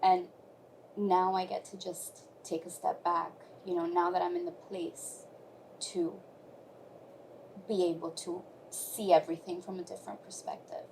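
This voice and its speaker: Gravelly-voiced woman sharing her testimony. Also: lowish voice, flat delivery, unhurried, a little hiss or hum, rough recording. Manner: soft, reflective, rising into emotional emphasis. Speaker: guest. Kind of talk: personal testimony in conversation.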